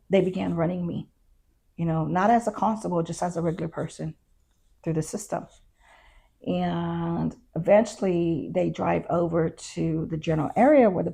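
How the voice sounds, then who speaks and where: A woman's voice: on the low side, gravelly, dark tone, slightly rough. A middle-aged woman and former constable, a guest in an interview, telling her story casually and acting out what others said. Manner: conversational, retells events with quoted dialogue.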